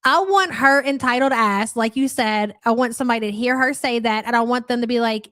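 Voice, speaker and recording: A woman's voice: on the high side, a little fast, hardly any pauses, a bit bright, dry recording, studio quality. A woman hosting a live reaction stream, mocking and sarcastic, laughing often. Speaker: reaction channel host.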